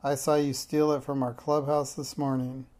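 A gruff, tough bully boy from a children's storybook, as a reader puts him on. He growls his orders in a dark, flat voice. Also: mid-range voice, moderate pace, close to an everyday voice.

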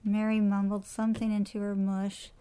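A woman narrating a children's storybook aloud with an expressive storytelling delivery. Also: medium pitch, moderate pace, clear, resonant tone.

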